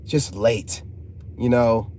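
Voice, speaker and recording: A man's voice: medium pitch, drawn-out words, darkish tone. A man, hosting a casual live stream, joking and reading chat aloud. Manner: joking, laid-back, reads chat aloud. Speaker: channel host talking to live chat.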